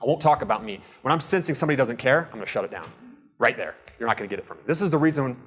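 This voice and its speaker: A man giving a live real estate seminar to a room, earnest and animated, acting out little dialogues. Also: mid-range voice, racing, breathy edge.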